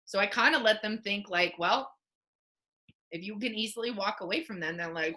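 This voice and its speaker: Bright-voiced woman coaching her team. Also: medium pitch, brisk. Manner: emotional, candid storytelling with many fillers. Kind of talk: motivational team call. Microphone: video call.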